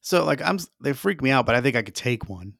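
A man's voice: mid-range voice, expressive, fast, vocal fry, a bit bright, no room sound, clean studio sound. A man co-hosting a podcast, talking in a brash, boastful way with lots of swearing. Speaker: podcast co-host. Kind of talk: casual chat.

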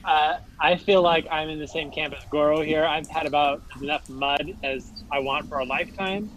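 A man's voice: fairly high pitch, steady tone, moderate pace, fairly bright tone, slight background noise, poor audio. A man playing in a tabletop game, talking in a hesitant way full of fillers. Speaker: player. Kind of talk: tabletop role-play.

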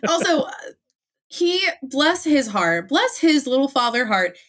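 A woman's voice: high voice, big pitch swings, a little slow, a bit bright. A woman co-hosting a casual book discussion podcast, gushing and emphatic, laughing often. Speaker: podcast co-host.

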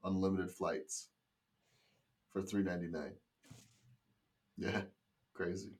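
A man co-hosting a podcast, talking in a relaxed, matter-of-fact way. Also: low voice, slow pace. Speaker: podcast co-host. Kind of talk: casual chat.

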